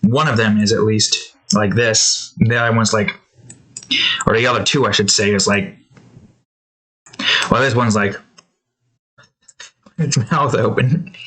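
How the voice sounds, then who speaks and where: A man chatting casually while he works on an art video, meandering from thought to thought. He restarts sentences often and fills pauses with ums and likes. His voice sits at an ordinary middle pitch. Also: a bit bright, low-quality recording. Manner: meandering, many fillers and restarts. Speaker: art vlogger. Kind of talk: rambling casual chat.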